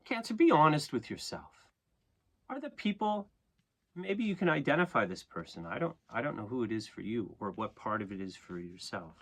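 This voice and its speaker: A man's voice: mid-range voice, very animated, moderate pace, a bit bright. A man giving a casual, conversational tarot reading, often checking in with "okay?" and "right?" and laughing at himself. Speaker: tarot reader and astrologer.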